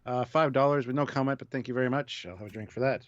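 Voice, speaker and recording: A man co-hosting a live stream, relaxed as he reads out viewer donations. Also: medium pitch, fast talker, dry recording, dull audio. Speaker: co-host. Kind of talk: casual live-stream chat.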